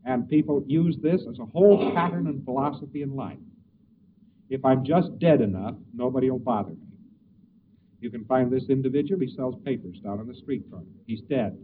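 A man's voice: mid-range voice, brisk. A man giving a conversational lecture with hesitations and acted examples, recorded on an old tape. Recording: old tinny distant tape with hiss.

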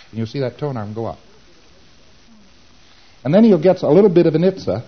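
A man giving a lecture, acting out exchanges with quick mumbled asides. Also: a little high, very animated, dull audio. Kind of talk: recorded lecture.

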